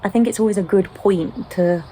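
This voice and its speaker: A British mother in a casual sit-down chat, explaining gently with frequent ums. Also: medium pitch, moderate pace, slight background noise, poor audio. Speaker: home-educating mother.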